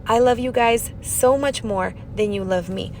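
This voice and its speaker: A bubbly young woman talks quickly through a craft tutorial voiceover, her voice sitting a little high. She breaks into silly sing-song asides, and a faint low rumble hums behind her.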